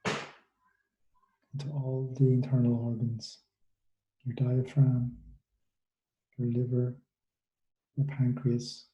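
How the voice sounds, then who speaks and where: A man leading students through a guided relaxation meditation, giving soft, unhurried instructions with long pauses. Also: medium pitch, completely flat delivery, highs cut off, a little hiss or hum. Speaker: mindfulness coach for students. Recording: echoey room.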